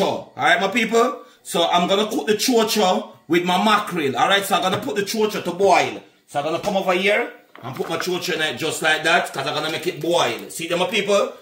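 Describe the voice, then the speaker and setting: A man's voice: high-pitched, a bit bright, echoey room, a little hiss or hum. Chatty Jamaican man, cooking vlog. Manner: chatty, keeps calling viewers "my people". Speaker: cooking vlogger.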